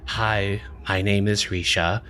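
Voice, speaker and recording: A young lizard-folk woman, stern and exasperated, played by a man. She speaks in a dry, matter-of-fact way with a bright edge. It comes from a tabletop game. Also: lowish voice, little pitch movement, takes it slowly, slight background noise. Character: young female lizard folk, stern big-sister type.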